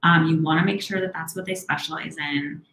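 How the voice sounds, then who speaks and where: Lower-voiced woman therapist in an echoey room. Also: steady tone. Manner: warm, encouraging, talks fast and slows herself down. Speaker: therapist answering viewer questions. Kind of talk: live Q&A stream.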